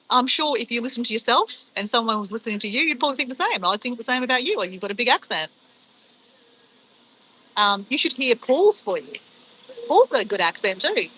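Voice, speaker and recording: Australian woman, middle-aged, livestream host; bright, slightly high voice, chatty and unbothered. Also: slightly rough, rough recording. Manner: chatty, upbeat, brushes off insults. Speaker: livestream host reading chat. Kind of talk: casual livestream chat.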